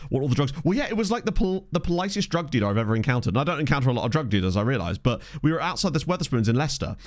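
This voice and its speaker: Racing along in a very animated medium-pitched voice, a man streams a game and chats casually with viewers. His talk rambles and turns self-deprecating, picked up by a desk condenser mic.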